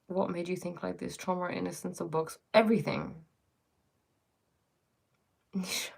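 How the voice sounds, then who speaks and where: A woman's voice: lowish voice, steady tone, moderate pace, gravelly, long pauses, a little mellow. A woman hosting a casual livestream, musing reflectively and answering viewers' comments, often breaking off mid-sentence. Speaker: livestream host.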